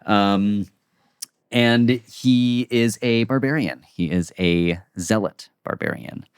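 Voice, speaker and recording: Relaxed man player, deep voice, dry close recording. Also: takes it slowly, clear, resonant tone, no room sound. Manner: easygoing and chatty. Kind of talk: casual chat at a tabletop game.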